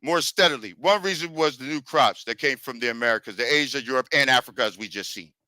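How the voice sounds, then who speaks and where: A man's voice: mid-range voice, fast talker, sharp tone, dry recording, low-quality recording. A man making an emphatic, lecturing case in an online debate and talking over others. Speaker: debater presenting a historical argument.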